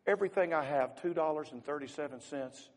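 Preacher doing a polite determined little boy, earnest, kinda high, churchy echo. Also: fairly quick, lightly acted. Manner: earnest and respectful.

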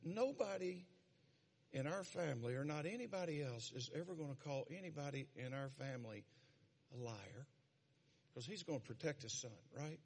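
A man voicing a calm, firm father quietly settling his sons' argument, in a sermon retelling. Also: fairly high pitch, moderate pace, breathy edge, voice pushed down. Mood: stern calm. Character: stern calm father settling a family dispute. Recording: long reverb of a large hall.

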